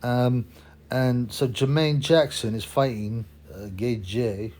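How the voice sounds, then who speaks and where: A man's voice: mid-range voice, steady tone, takes it slowly, darkish tone. Rambling opinionated man. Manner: rambling, opinionated, many fillers and restarts. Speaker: boxing channel host. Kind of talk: casual monologue.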